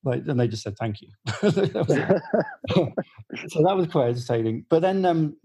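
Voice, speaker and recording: A man's voice: fairly high pitch, lively intonation, normal speed, warm tone, breathy edge, low-quality recording. A middle-aged man, a music journalist, telling a long anecdote in casual podcast chat, full of fillers and restarts. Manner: rambling storyteller with many fillers and restarts.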